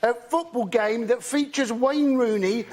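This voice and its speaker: A man's voice: very high-pitched, unhurried, noisy background. A man on a comedy panel making dry, sarcastic quips.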